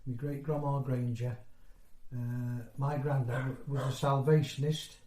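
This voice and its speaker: During an oral history interview, a man in his sixties from North East England rambles through his memories conversationally, often breaking off mid-phrase. His mid-range voice is level and dark, at a measured pace. The recording has a roomy echo.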